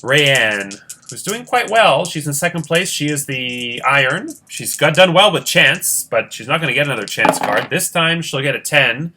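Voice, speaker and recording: Bright-voiced man calling a board game. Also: a little high, lively intonation, slight background noise. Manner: chatty, counts squares aloud, checks his sums, quick asides. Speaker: host running a Monopoly-style competition. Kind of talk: casual play-by-play of a board game.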